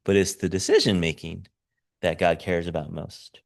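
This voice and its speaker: A man's voice: deep voice, level tone, normal speed, vocal fry. A man in his fifties preaching a sermon, telling a personal story in a loose, chatty way, laughing often and correcting himself as he goes. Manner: conversational storytelling with frequent laughs and self-corrections. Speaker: pastor. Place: church sanctuary.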